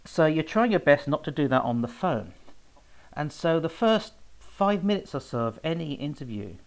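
Rambling man with a gravelly voice. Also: a little high, big pitch swings, moderate pace, rough recording. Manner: rambling and anecdotal, with fillers and self-corrections. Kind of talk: casual spoken talk about research.

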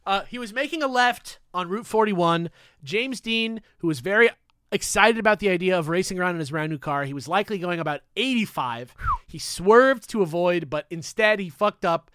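A young man hosting a podcast, telling a story in a casual, animated way with jokey asides and swearing. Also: high voice, normal speed, clear, resonant tone, no room sound. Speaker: podcast host.

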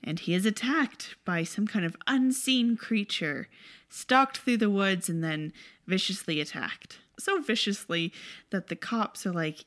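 A woman's voice: medium pitch, measured pace, fairly bright tone. A woman casually recapping a movie plot in a wry, chatty, sarcastic way.

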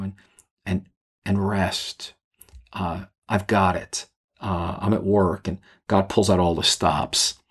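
A man with a deep, slightly husky voice teaches in a podcast devotional. He speaks earnestly and haltingly, often stumbling and restarting his phrases as he works through a scripture passage.

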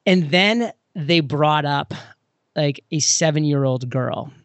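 Man, higher-pitched voice, animated storytelling, casual podcast talk, dry close sound. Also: slow, no echo. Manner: animated storyteller, acts out scenes with sudden pitch jumps. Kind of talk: casual conversation.

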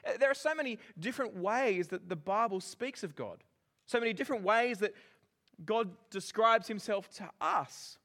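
Kiwi pastor guy giving a sermon, highish voice, lively and jokey. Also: normal speed. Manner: animated and joking, with lively emphasis.

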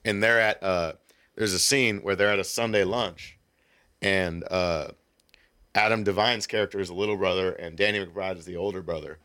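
A man on a casual talk show, retelling scenes animatedly and slipping into quick quoted voices. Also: low voice, fairly even intonation, sharp tone. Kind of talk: casual chat.

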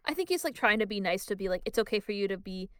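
A woman's voice: medium pitch, expressive, fairly bright tone, clear, resonant tone. A woman co-hosting a podcast, chatting casually and laughing often. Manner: giggly, quick to laugh. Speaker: podcast co-host. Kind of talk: casual chat.

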